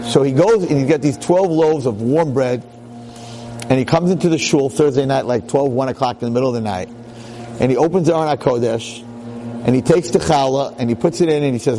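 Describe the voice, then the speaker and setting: A man telling a story in a sermon, an animated storyteller with dramatic pauses. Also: medium pitch, faint music behind. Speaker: rabbi lecturer.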